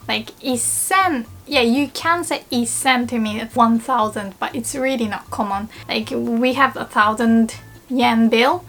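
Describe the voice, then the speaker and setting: Bright high-pitched woman, a native Japanese speaker, hosting a casual language lesson over faint music. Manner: chatty, giggly, playful. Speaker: language teacher.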